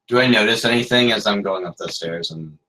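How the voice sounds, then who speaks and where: Player, male, very low voice, halting and casual. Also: pushed and bright, poor audio. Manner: hesitant, restarts words. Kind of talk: casual game talk.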